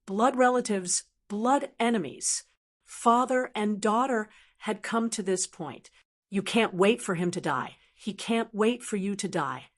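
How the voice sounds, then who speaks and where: A woman's voice: medium pitch, measured pace, close to an everyday voice. A woman voicing a bitter, scheming middle-aged father who speaks through gritted teeth in an audiobook reading. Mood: sinister. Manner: gritted-teeth, pleading then menacing.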